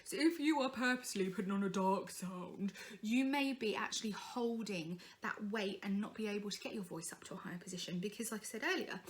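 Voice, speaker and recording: A young woman coaching singing in a chatty, encouraging way, breaking into vocal demonstrations. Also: medium pitch. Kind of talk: informal singing tutorial.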